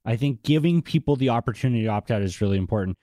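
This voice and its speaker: A man's voice: mid-range voice, expressive, racing, mellow, no room sound, studio quality. A man with a Boston accent, a podcast host chatting casually and often restarting his sentences with repeated words. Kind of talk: casual chat.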